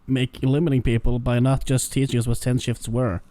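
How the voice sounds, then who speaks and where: A man's voice: medium pitch, flat delivery, fairly quick, dark tone, no room sound. A man co-hosting a podcast, chatting casually with hesitations and swearing. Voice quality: hesitant, argumentative, swears freely. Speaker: podcast co-host. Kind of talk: casual chat.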